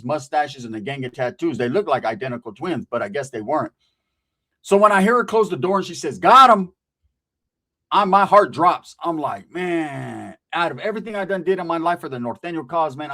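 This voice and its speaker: A man's voice: on the high side, a bit bright. A man from Central California telling a casual street story in a profane, streetwise way, often tagging lines with "right?".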